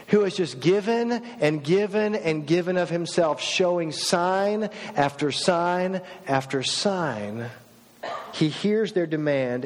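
A middle-aged male pastor preaching a sermon, swinging from loud mock outbursts to soft, low reflection. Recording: long reverb of a large hall.

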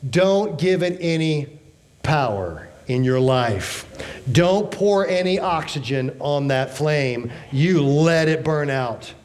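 Pastor in his 50s, higher-pitched male voice, punchy sermon delivery with quips. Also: expressive, slow, darkish tone. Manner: emphatic, rhetorical questions, joking asides.

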